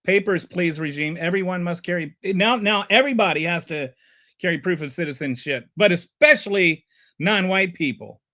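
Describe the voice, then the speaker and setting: A man's voice: high-pitched, normal speed, sharp tone. A man hosting a live stream and ranting about politics. He is heated and sarcastic, and he stumbles and repeats words when he gets flustered.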